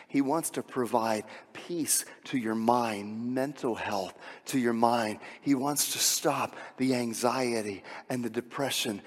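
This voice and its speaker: A man preaching a sermon as pastor, moving between soft, hushed passages and loud, shouted emphasis. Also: fairly high pitch. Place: church sanctuary. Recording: long hall reverb.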